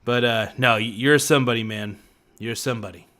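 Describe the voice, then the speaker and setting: A relaxed man rambling casually to his livestream viewers, dropping "man" and "dude" as he goes. His voice sits at an ordinary middle pitch and sounds a little sore and worn. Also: brisk. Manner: laid-back, chatty, talks to viewers in chat, frequent "man" and "dude". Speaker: livestream host.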